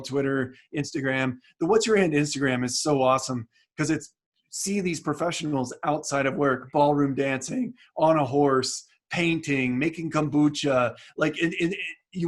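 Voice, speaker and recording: A chatty man talks casually as an interview guest, his voice sitting a little high for a man. He starts sentences over, leans on fillers, and comes through a video call. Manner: chatty, many restarts and fillers. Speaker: guest author.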